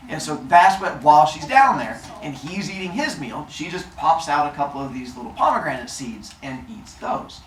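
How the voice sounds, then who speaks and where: A man's voice: fairly high pitch, sing-song, moderate pace, hardly any pauses, a bit bright. A male teacher telling a myth to his class in a casual, jokey way, full of modern slang. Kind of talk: storytelling lesson to a class. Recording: echoey classroom.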